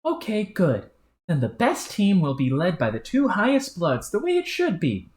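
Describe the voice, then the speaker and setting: A woman's voice: fairly low pitch, wildly swooping pitch, normal speed, a little mellow, pitched above the performer's own voice. A woman voicing a bratty, scheming young female troll who talks in a smug, bossy, sarcastic way, in a roomy-sounding recording. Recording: roomy echo.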